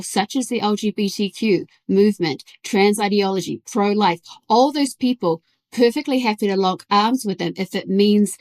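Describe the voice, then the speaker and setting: A woman guest author explaining her views in an interview, emphatic and quick to correct. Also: mid-range voice, darkish tone.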